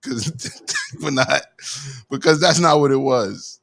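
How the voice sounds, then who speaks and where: A man's voice: medium pitch, slow, gravelly, a bit bright, no room sound. A male host in a casual chat show, talking in laid-back slang and reading viewer comments aloud.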